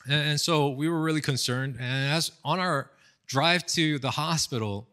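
A man's voice: on the high side, moderate pace. Casual storytelling pastor, man. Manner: casual, animated storytelling with fillers and acted quotes. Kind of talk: storytelling sermon. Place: indoors, online seminar recording.

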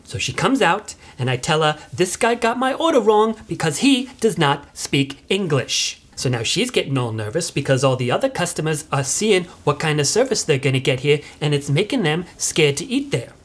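A woman's voice: sits low, very animated, normal speed, hardly any pauses. A woman playing an entitled middle-aged suburban mother who rambles on in chatty, self-righteous complaints. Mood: indignant. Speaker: mother leaving video messages. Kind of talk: comic monologue.

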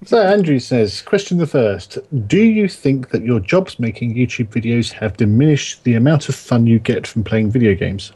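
Guy reading out listener questions, kinda husky voice, chatty podcast host. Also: medium pitch, dark tone. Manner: chatty, reads questions out then jokes. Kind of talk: casual podcast chat.

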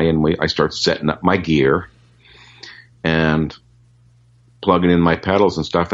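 A man's voice: extremely low pitch, highs cut off. A man, a session guitarist, telling anecdotes in a casual interview, rambling with lots of fillers and restarts.

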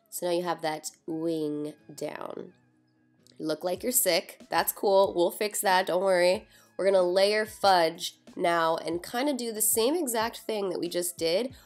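A young woman with a fairly low, slightly mellow voice does a casual makeup tutorial, narrating every step. She's chatty and self-deprecating, and a little sleepy since she just woke up.

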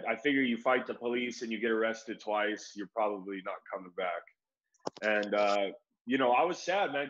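A young man from the United States, an MMA fighter, tells a long story in loose, slangy talk, throwing in "like" and "bro" as he goes. His voice sits at an ordinary middle pitch for a man. The recording sounds a little dull and lo-fi. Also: a bit bright. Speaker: MMA fighter being interviewed. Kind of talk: casual storytelling.

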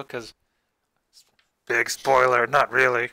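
A man's voice: mid-range voice, moderate pace, sharp tone, clear, resonant tone, low-quality recording. A man co-hosting a casual review podcast, rambling and stammering as he sarcastically retells a plot. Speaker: podcast co-host.

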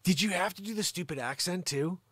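A man hosts a live improv comedy show and rants at a caller in a mock-outraged, teasing way. His voice sits a little high for a man. The sound is close and dry, with no room echo. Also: brisk, fairly bright tone, husky.

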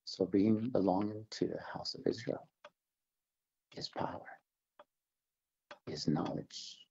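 A man from the Navajo Nation, older, giving an earnest religious testimony in an interview, halting and restarting his words. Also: deep voice, warm tone, muffled recording. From Navajo Nation, American Southwest. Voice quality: gravelly, husky. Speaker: interview guest.

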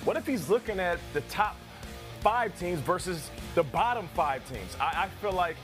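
A man's voice: high voice, expressive, moderate pace, over music. A man on a sports talk panel, speaking conversationally and posing rhetorical questions.

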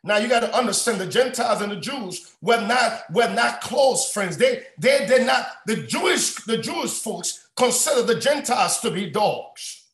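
A man preaching a sermon on a prayer line, shouting often and repeating his phrases. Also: very high voice, expressive, moderate pace. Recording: echoey room sound.

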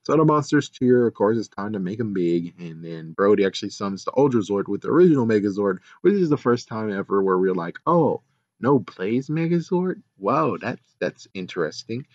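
A man's voice: lowish voice, lively intonation, fast, hardly any pauses, a little mellow, no room sound, dull audio. A man recapping and reviewing a show episode in a casual, rambling way, sarcastic and exasperated, with mild swearing.

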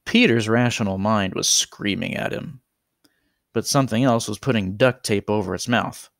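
A man narrating a horror story in a slow, deliberate, dramatic way. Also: lowish voice, gravelly, no echo, clean studio sound.

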